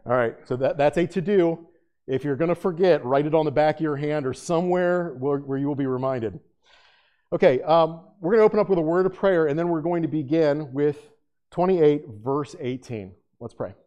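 A man teaching a Bible study as pastor to a live room, joking and animated, turning hushed and earnest when he prays. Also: on the high side, normal speed, lo-fi sound. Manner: drops to a hushed, earnest tone in prayer. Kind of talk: conversational sermon.

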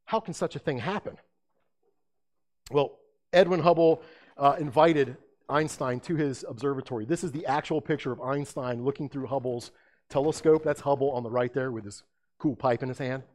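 A man giving a lecture-style sermon, talking lively and conversationally and asking his audience questions. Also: medium pitch, moderate pace. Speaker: speaker presenting apologetics.

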